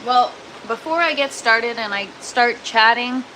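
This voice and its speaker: A woman's voice: fairly high pitch, measured pace, background noise. A young woman hosting a casual livestream from an indoor grow tent, venting that she is annoyed while greeting viewers. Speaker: livestream host.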